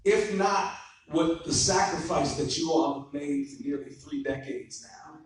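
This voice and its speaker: A man's voice: on the high side, unhurried. A man giving a public address as a guest speaker, earnest and reverent as he thanks the elders around him. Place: courthouse event hall. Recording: echoey hall, far from the mic.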